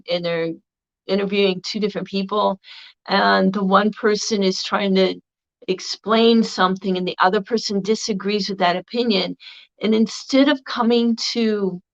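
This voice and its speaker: A woman vlogger recording a casual video response, rambling along with a slightly crackly voice. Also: medium pitch. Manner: rambling, meandering delivery. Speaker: video blogger. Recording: dull lo-fi recording.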